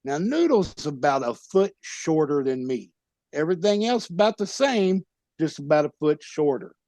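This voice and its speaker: A former pro wrestler telling a rowdy, profane story as a podcast guest. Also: male voice, fairly high pitch, big pitch swings, moderate pace, no echo. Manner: profane, loud tall-tale telling. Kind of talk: animated comic storytelling.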